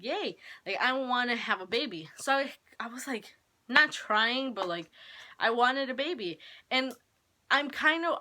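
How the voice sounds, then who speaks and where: A woman's voice: on the high side, sharp tone, a little hiss or hum. A teenage girl talking casually to the camera at home about being a young mom, rambling with lots of "like" fillers. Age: teens. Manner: chatty, rambling with many "like" fillers. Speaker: vlogger. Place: home, holding her baby.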